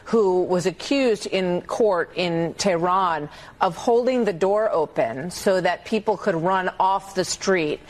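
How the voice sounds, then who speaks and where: Quick-talking woman TV host asking questions. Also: lowish voice. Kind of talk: TV interview.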